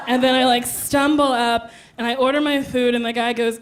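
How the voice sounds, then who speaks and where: A woman's voice: fairly high pitch, level tone, fairly quick, few pauses, a little hiss or hum. A woman telling brash, laughing stories in a stand-up comedy set, acting out voices, recorded live on stage. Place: comedy club stage before a live audience. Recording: live show with loud crowd laughter.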